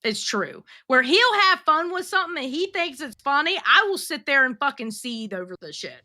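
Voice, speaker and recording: A blunt female co-host with a very high, sharp voice complains and swears her way through a casual livestream chat. Her pitch moves widely, and the dry close sound has no room echo. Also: very animated, normal speed.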